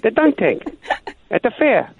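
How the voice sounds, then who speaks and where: Brief: man putting on a high, chirpy prank caller. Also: very animated, measured pace, vocal fry, a little hiss or hum, full character voice. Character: odd, eager male prank caller. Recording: tinny phone line.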